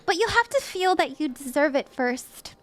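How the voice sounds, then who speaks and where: Giggly upbeat woman doing tarot on stream, pretty high voice, faint music behind. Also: very animated, normal speed, fairly bright tone, no echo. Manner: bubbly, giggly and encouraging. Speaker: tarot reader and livestream host. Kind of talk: casual live-stream tarot reading.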